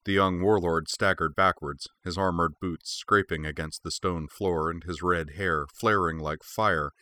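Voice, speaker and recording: A man narrating an audiobook in a steady, measured reading. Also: low-pitched, no room sound.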